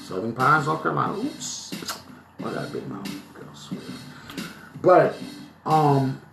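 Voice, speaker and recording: A man's voice: medium pitch, wildly swooping pitch, measured pace, creaky, fairly bright tone. A man from New Jersey livestreaming on a phone, talking in a preachy, emphatic way and often checking in with "right?". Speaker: vlogger. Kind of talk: live-streamed commentary. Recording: echoey room with faint music.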